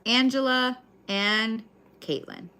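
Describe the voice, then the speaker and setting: A woman's voice: fairly high pitch, fairly even intonation, slow, bright, forceful tone. A woman giving a live tarot reading in a casual, chatty way, swearing freely. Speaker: tarot card reader.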